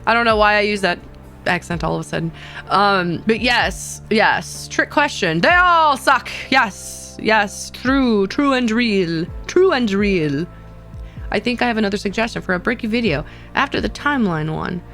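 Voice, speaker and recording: A woman's voice: mid-range voice, moderate pace, creaky, a bit bright, soft background music. A woman streamer casually chatting with her viewers in a playful, rambling way, often laughing and repeating herself. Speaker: VTuber streamer.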